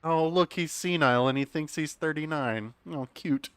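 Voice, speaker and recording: A man's voice: on the high side, normal speed, a bit bright, clear, resonant tone, dry recording. A man chatting casually during a live game stream, joking and laughing often between comments.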